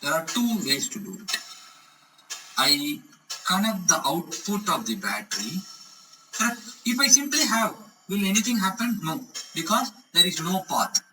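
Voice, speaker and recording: A man's voice: high-pitched, big pitch swings, normal speed, sharp tone, far from the mic, faint music behind, low-quality recording. Man lecturing, asking "correct?" often. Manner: repeats "correct?" to check understanding. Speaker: teacher. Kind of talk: explanatory lecture.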